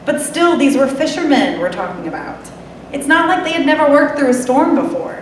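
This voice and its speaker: A woman's voice: high voice, expressive, brisk, a little hiss or hum. A woman delivering a sermon in a conversational way, with wry asides. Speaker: preacher. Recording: echoey hall, mic far off.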